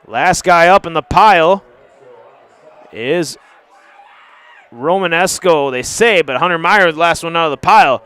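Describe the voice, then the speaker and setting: Bright, high-voiced male football announcer. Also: expressive, smooth. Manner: brisk and chatty, surging to shouts on big plays. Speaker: play-by-play announcer. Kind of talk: live high school football commentary.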